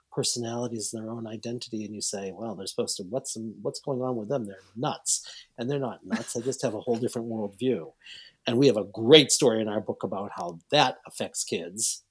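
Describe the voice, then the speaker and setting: A man, a psychologist and author guesting on a podcast, telling a story in a rambling, animated way and acting out the quotes. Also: lowish voice, husky. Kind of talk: storytelling in a casual interview.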